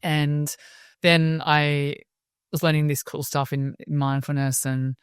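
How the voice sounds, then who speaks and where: An Australian woman, a guest in an interview, telling her story in a lively way and acting out the voices of people she quotes. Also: sits low, takes it slowly, clear, resonant tone, no echo, studio quality. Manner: lively storyteller who acts out quoted voices and laughs often. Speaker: interview guest, wellbeing speaker.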